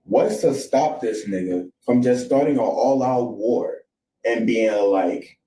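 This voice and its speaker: A man's voice: mid-range voice, slow, warm tone, a little hiss or hum, rough recording. An American man giving a rambling, profane reaction commentary, often stopping to correct himself. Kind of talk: casual ranting commentary.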